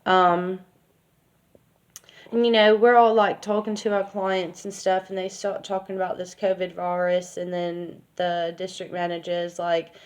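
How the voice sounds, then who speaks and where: Slow-talking woman telling a personal story. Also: on the low side, level tone. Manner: rambling, with many fillers; candid and frank, with casual swearing. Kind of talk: casual personal storytelling to camera.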